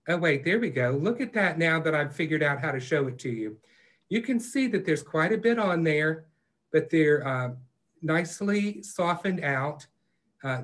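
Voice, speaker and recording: A man teaching a live online painting class, talking in a relaxed, reassuring way with plenty of fillers. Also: fairly high pitch. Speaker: painting instructor.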